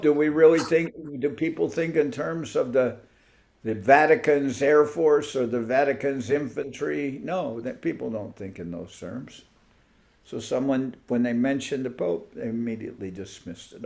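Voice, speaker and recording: Brief: male spiritual teacher, slow gravelly delivery, informal video-call talk, thinks aloud and hunts for words. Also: mid-range voice, a little mellow. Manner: musing, searches aloud for words and names. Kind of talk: informal online talk to devotees.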